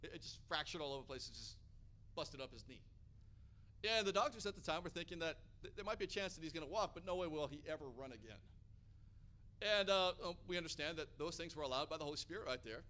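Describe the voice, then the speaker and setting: Bright and piercing, the high voice of an American man carries his sermon. He speaks energetically and keeps pushing up to loud, emphatic highs, with lively intonation and a quick pace.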